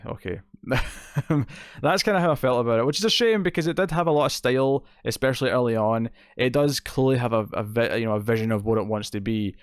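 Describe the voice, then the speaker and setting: A man's voice: medium pitch, smooth, dry recording, studio quality. A man hosting a casual spoken movie review show, enthusiastic and rambling, with many fillers and restarts. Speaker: film reviewer, show host.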